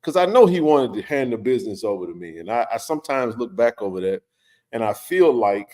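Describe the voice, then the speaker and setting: A man's voice: medium pitch, a little fast. Chatty man telling a story. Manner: animated, conversational, many fillers and restarts. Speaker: livestream host. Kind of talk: casual storytelling to a live chat.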